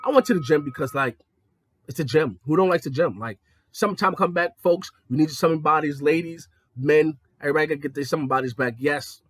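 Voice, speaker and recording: A young adult man telling profane stories in a casual monologue, jumping between high excited tones and low mocking ones. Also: fairly quick, dry recording. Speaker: podcast host.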